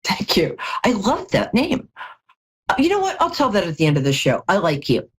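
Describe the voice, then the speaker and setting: A woman's voice: huge pitch swings, moderate pace, breathy edge. A middle-aged American woman hosting a live call-in tarot show, telling jokey stories in a chatty way and sounding tired. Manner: chatty, jokey storytelling with big pitch swings. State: tired from no sleep. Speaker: psychic reader, show host.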